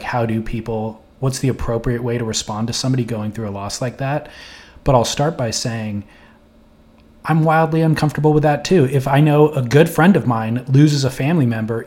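A man's voice: medium pitch, a little mellow. A man with a mid-range voice hosts a podcast in a casual interview style. He asks questions candidly and conversationally. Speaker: podcast host.

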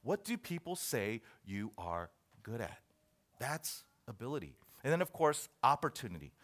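A man's voice: medium pitch, sing-song, normal speed, a bit bright. A man preaching a sermon, reading a list aloud and joking with his listeners. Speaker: pastor.

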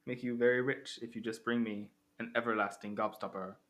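A man voicing a sinister male candy rival who murmurs a bribe in a low, conspiratorial hush. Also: steady tone, fairly quick, close to an everyday voice. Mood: sly hushed.

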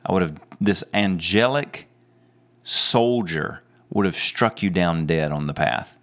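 A man's voice: deep voice, lively intonation, slow, a bit bright, full character voice. A man voicing God giving a stern, commanding warning.

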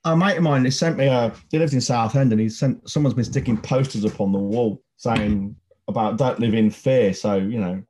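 A man's voice: medium pitch, normal speed, few pauses, dark tone, a little hiss or hum. A man co-hosting a casual podcast, blunt and sweary, often breaking into heated rants. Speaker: podcast co-host.

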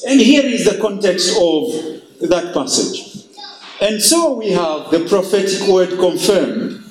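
A man's voice: high voice, big pitch swings, slow, echoey room, a little hiss or hum, low-quality recording. A male pastor preaching emphatically and reading scripture in a sermon.

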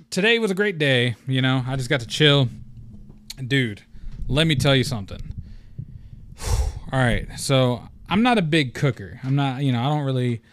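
A young man hosting a casual gaming podcast alone, excitable and scatterbrained, rambling and swearing casually into a close mic. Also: medium pitch, a little hiss or hum. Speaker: podcast host. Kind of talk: casual solo podcast chat.

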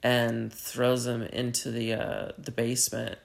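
A man co-hosting a podcast, casually retelling a TV episode with lots of filler words and loud acted-out lines. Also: mid-range voice, monotone, measured pace, creaky. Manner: rambling, acts out lines in loud put-on voices. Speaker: podcast co-host.

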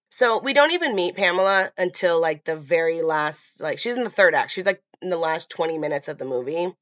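A woman's voice: on the low side, animated, a little fast, hardly any pauses, a bit bright, dry recording. A woman hosting a podcast, chatting casually about a film with lots of fillers, in a dull lo-fi recording. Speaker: podcast host.

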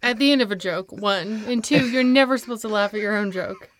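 A woman's voice: mid-range voice, a little fast, a little hiss or hum. A woman co-hosting a test prep podcast, teasing her partner in a dry way. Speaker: podcast co-host. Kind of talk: casual chat and test prep.

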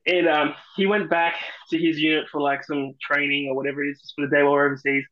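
A man's voice: a little high, little pitch movement, fast talker. An Australian man with a slightly raised voice tells rowdy army stories, cursing freely and breaking into laughter. The sound is dull and lo-fi. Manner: swearing, laughing storyteller. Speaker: podcast guest. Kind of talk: casual chat.

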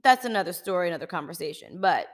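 A woman's voice: fairly low pitch, lively intonation, quick pace. A woman hosting a podcast, giving casual advice in an emphatic, sassy way that repeats its points. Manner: emphatic, repetitive, sassy, direct. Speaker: podcast host.

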